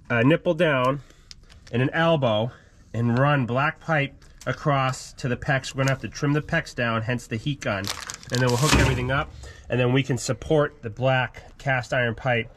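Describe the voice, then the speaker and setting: A man's voice: medium pitch, a bit bright, slight background noise. Chatty man hosting a DIY vlog. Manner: chatty, explains step by step with frequent ums. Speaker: homesteading channel host. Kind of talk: casual DIY how-to vlog. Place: outdoors by a wood boiler after snowfall.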